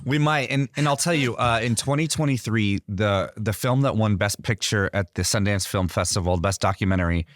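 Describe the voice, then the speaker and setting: A man from Iran, a guest artist on an interview show, telling stories in an earnest, animated way. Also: lowish voice, fairly quick, hardly any pauses, dry recording, clean studio sound. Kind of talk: interview, storytelling.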